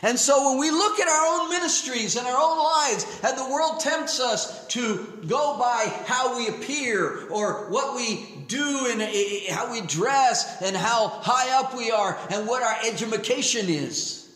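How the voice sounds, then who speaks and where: High-voiced animated preacher man. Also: a little slow, few pauses. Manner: animated, pitch swings up and down, acts out quotes. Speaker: pastor. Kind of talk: sermon. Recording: echoey room.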